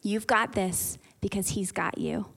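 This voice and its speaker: A woman's voice: mid-range voice, steady tone, a little slow, creaky. Earnest woman preaching a sermon. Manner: earnest, warm, encouraging preaching. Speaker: pastor.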